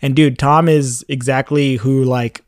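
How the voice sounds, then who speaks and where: A man's voice: mid-range voice, steady tone, unhurried, no echo, studio quality. A man telling a story in a casual chat, laid-back and full of slang.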